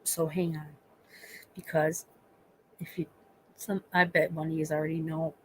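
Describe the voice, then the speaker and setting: A woman from Northeastern Pennsylvania hosts a laid-back livestream, rambling to her viewers, cursing freely and often letting thoughts trail off. Her voice is low with little pitch movement and a slightly slow pace, on a rough recording with faint background noise.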